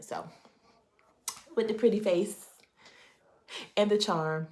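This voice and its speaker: A woman vlogger telling a personal story to her viewers in a casual, animated, emphatic way. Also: mid-range voice, takes it slowly, long pauses, a little hiss or hum.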